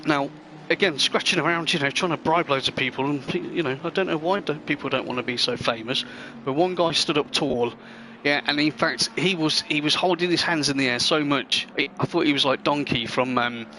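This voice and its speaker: His voice is a little high, bright and forceful, delivered briskly with hardly any pauses against slight background noise. Hosting a sim racing live stream, he rambles and banters in a friendly way with viewers.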